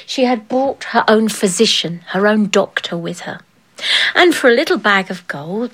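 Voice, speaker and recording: A woman's voice: mid-range voice, animated, normal speed, a bit bright, husky, poor audio. A woman telling a folk tale aloud in a playful way, acting out the characters and laughing along. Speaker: storyteller. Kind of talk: oral storytelling.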